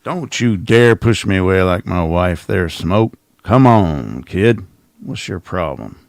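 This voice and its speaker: A man's voice: sits low, animated, slow, dry recording, clean studio sound. A middle-aged man hosting a casual livestream, rambling and sarcastic as he mocks someone from his home office. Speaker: channel host.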